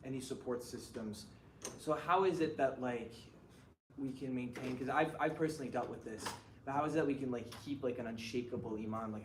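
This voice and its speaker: Man asking an earnest question in a hall. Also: medium pitch. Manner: halting, earnest, many restarts and "like". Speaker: audience member asking a question. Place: campus event room. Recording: roomy, distant, faint noise.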